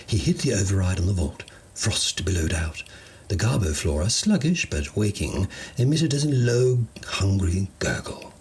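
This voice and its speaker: A man narrates a comedic sci-fi tale in a low voice with a lively, wandering intonation. His delivery is wry and playful, like a storyteller relishing each line. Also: measured pace, slight background noise.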